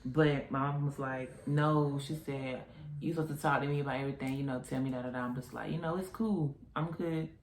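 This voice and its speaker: A woman's voice: a bass voice, fairly quick, a little hiss or hum. Young woman telling a story in a roomy echo. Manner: animated retelling with quoted voices. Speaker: vlogger. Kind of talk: casual storytime.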